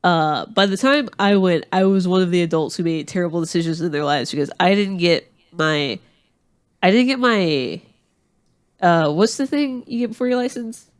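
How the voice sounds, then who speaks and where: A man's voice: high-pitched, moderate pace, clear, resonant tone. A man from Atlanta co-hosting a podcast, telling a long story in casual chat with lots of fillers and restarts. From Atlanta, USA. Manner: rambling storyteller with many fillers. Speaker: podcast co-host.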